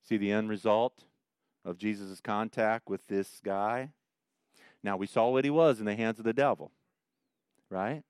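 A man's voice: lowish voice, a little slow, pauses often, clear, resonant tone, dry recording, clean studio sound. A man teaching a Bible study in a folksy, joking way, telling stories between verses. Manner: folksy storytelling with lively jokes. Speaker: pastor leading a Bible study.

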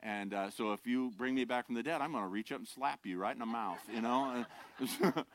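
An older man preaching a sermon. He is animated and swings between loud, impassioned lines and quiet, wry asides. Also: medium pitch, a little fast, slight background noise. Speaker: pastor.

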